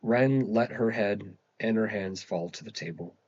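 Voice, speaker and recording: A man reading a novel aloud as a steady audiobook narrator. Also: fairly low pitch, a little slow, highs cut off. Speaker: audiobook reader. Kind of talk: scripted narration.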